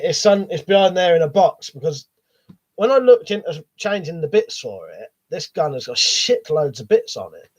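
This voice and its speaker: A man with a cold, coughing as he hosts a live stream, reading viewer chat in a rambling, sweary, hesitant way. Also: a little high. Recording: dull lo-fi stream audio.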